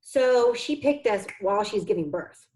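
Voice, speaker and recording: A woman's voice: mid-range voice, expressive, normal speed, a little mellow, poor audio. Heartfelt woman telling an adoption story. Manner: heartfelt and earnest, close to tears. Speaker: interview guest, adoptive mother and foundation founder. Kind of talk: conversational interview storytelling.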